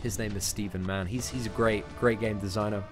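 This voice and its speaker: A man's voice: lowish voice, fairly even intonation, brisk, over music. Young English man chatting on stream. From England. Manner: chatty, reads viewer questions aloud and answers off the cuff. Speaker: gaming streamer. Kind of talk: live stream Q&A chat.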